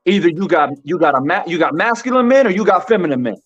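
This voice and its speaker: A man's voice: high-pitched, very animated, fast talker, fairly bright tone, slightly rough. A man hosting a live-stream boxing commentary show, talking emphatically to his chat, repeating his points and saying "bro" a lot. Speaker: boxing commentary channel host. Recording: dull lo-fi with faint music.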